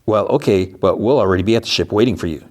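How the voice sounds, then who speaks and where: A man voicing an excitable young boy who insists and pleads, in a podcast recap. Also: fairly low pitch, fast talker, close to an everyday voice. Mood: insistent.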